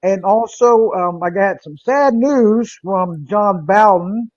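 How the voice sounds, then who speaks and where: A woman hosting a live internet radio podcast, talking casually in a halting, rambling way with many fillers and restarts. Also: mid-range voice, a little mellow, no room sound, highs cut off.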